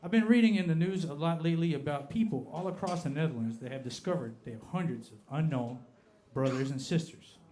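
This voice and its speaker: A man with an Appalachian American accent, from Appalachia in the United States, does stand-up in a comedy club. He speaks a little high for a man, stays deadpan, and slows down for each punchline, with slight background noise audible.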